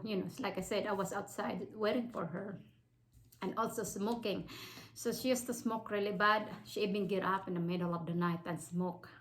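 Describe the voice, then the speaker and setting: A woman with a Filipino accent tells a story from her own life in an easy, chatty way. She rambles, starts over often and pads her sentences with fillers. Her voice sits at an ordinary middle pitch. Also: fairly bright tone, rough recording. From Philippines. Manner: rambling, many fillers and restarts, laughs between sentences. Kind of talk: casual personal storytelling.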